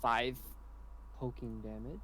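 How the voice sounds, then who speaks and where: A man narrating as game master for a streamed tabletop game, calm and measured, with dry jokes. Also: mid-range voice, slight background noise, poor audio.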